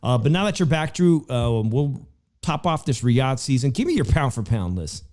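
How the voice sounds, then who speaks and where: A man's voice: medium pitch, very animated, moderate pace, darkish tone. A man hosting a casual boxing talk show, chatty and full of fillers, often addressing his co-host by name.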